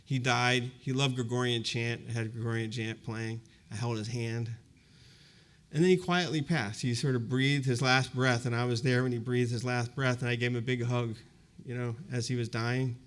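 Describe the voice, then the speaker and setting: Here a man in his fifties recounts something personal at a university event in front of a live audience. His mid-range voice has a flat delivery at normal speed, and his reflective, conversational manner is peppered with fillers like "you know."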